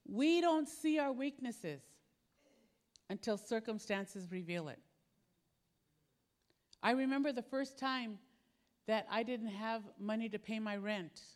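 A woman's voice: a little high, lively intonation, slow, long pauses, a little mellow. A middle-aged woman from the Philippines preaching a sermon, telling personal stories and acting out her own panic and impatience.

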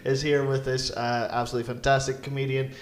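A man's voice: medium pitch, flat delivery, quick pace, background noise. A man in his forties with a Northern Irish accent, hosting a casual comedy podcast, laughing often and tripping over names. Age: 40s. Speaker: podcast host. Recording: roomy echo.

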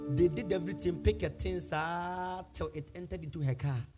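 Pastor preaching over music. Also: male voice, sits high, moderate pace. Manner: preaching with rising shouted declarations and repeated phrases. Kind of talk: sermon. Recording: music playing behind the voice.

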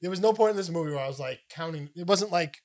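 Male podcast co-host, somewhat high voice, wry and amused delivery. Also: racing, a little mellow. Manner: wry, amused, reading from notes. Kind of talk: casual movie review chat.

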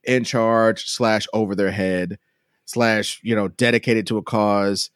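A man's voice: on the low side, fairly even intonation, measured pace, clean tone, no echo, clean studio sound. A man hosting a comedy podcast in loose, joking chat, swearing freely. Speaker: podcast host.

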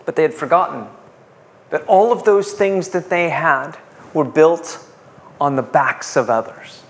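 Male pastor, sermon delivery, slightly higher pitch, rhetorical and engaging with the room. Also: animated, unhurried. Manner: rhetorical questions, asks congregation to respond.

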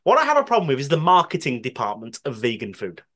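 A man's voice: medium pitch, huge pitch swings, fast, fairly bright tone. A man with a Birmingham accent, co-hosting a podcast in casual chat, ranting, swearing freely and laughing often. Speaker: podcast co-host.

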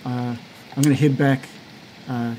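A grieving young stranger, formal and stiffly polite, as a man plays him at the table. The voice stays mid-pitched and close to a normal speaking voice, with faint noise behind it. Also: steady tone, a little slow, dark tone, natural voice, rough recording. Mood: composed, polite.

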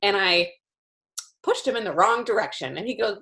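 A woman telling a ranch story in casual chat, animated and laughing often. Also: mid-range voice, normal speed.

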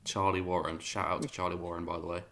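A man's voice: low voice, level tone, fast, gravelly, crowd noise. A man, a podcast co-host, chatting casually with wry, teasing banter. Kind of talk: casual chat.

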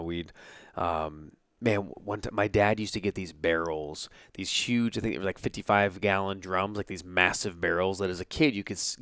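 A podcast host in his thirties recalls his childhood in a loose, fond, rambling way, often stopping to add "you know." His voice sits a little low and sounds clear and smooth. The recording is dry and close. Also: dry recording. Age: 30s. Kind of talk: casual personal storytelling.

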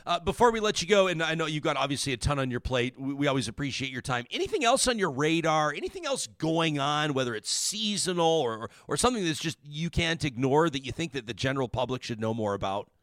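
A man hosting a talk show, commenting on news in a casual, animated and indignant way with many restarts. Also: a little high, fast, few pauses, no echo, studio quality.

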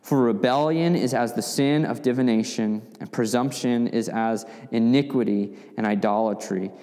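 A man's voice: mid-range voice, normal speed, dark tone, big-room sound, voice pushed down, lightly acted. A man voicing a stern old prophet who solemnly rebukes a king. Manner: solemn, reproachful.

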